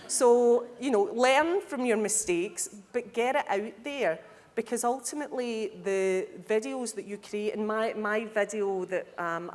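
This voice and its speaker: A woman speaking to a live audience at a conference, lively and candid, with humorous asides. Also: mid-range voice. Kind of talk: conference talk. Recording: hall reverb.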